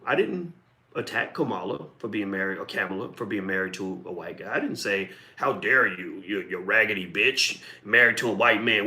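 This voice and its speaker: A man's voice: medium pitch, a bit bright. Blunt, profane middle-aged man commentator. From Kentucky. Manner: blunt, profane, combative, emphatic. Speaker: online commentator. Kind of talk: video commentary monologue.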